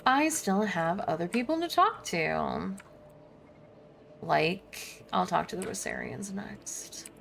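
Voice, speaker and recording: A woman's voice: on the low side, expressive, takes it slowly, gravelly, fairly bright tone, slight background noise. A woman streamer reading a role-playing game aloud, with casual, amused asides.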